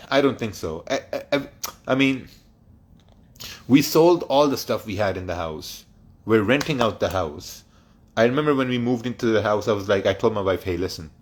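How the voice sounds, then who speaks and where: On a trading livestream, a man with a fairly low voice reads questions from the chat out loud and gives blunt answers, swearing often and laughing a lot.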